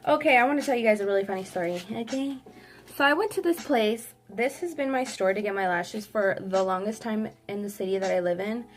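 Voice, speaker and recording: A young woman vlogger telling a sassy, animated storytime while doing her makeup. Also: medium pitch, brisk, a little hiss or hum. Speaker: beauty vlogger. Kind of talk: get-ready-with-me storytime.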